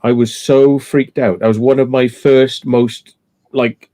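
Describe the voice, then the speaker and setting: A man's voice: mid-range voice, fairly even intonation, measured pace, warm tone. A man hosting a casual live-stream chat, laid-back and rambling, swearing freely as he tells stories. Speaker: livestream host.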